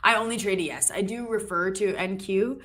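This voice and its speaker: A woman's voice: mid-range voice, a little fast, a bit bright. A woman co-hosting a live trading stream in a playful, chatty way, jumping between topics. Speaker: live trading show co-host. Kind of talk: casual live-stream chat.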